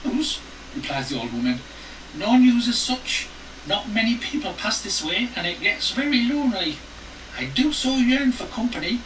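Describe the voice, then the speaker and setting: A man voicing a sly, lonely old crone who coaxes a traveler into staying, in a high put-on voice. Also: sing-song, moderate pace, fairly bright tone, full character voice. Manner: sweet, coaxing, creepy. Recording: roomy distant mic, noisy.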